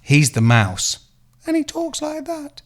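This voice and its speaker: Man, casual crude podcast banter, lively swinging voice. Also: very high voice, slow pace. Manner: crude, joking, animated. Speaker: podcast co-host. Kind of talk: casual chat.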